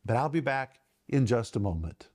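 A middle-aged man hosting and teaching the Bible on a ministry broadcast, earnest, slowing down and lifting his voice to stress key words. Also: mid-range voice, expressive. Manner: earnest, slows and lifts his voice for emphasis.

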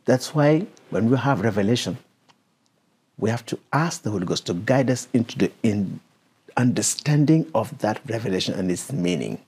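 Husky-voiced man teaching the Bible. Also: fairly low pitch, lively intonation, normal speed, a little mellow. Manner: interrupts the reader to explain, asks questions. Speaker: preacher.

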